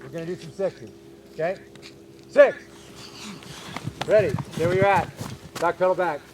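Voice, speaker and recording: Guy coaching infield drills outside, bit high voice, punchy commands, faint noise around. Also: normal speed. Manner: energetic and commanding, barks short cues. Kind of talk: on-field coaching, calling drill cues. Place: outdoor baseball field.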